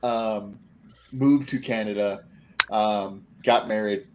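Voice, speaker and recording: A man's voice: fairly low pitch, fairly even intonation, takes it slowly, noisy background. Rambling, teasing man in casual chat. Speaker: co-host.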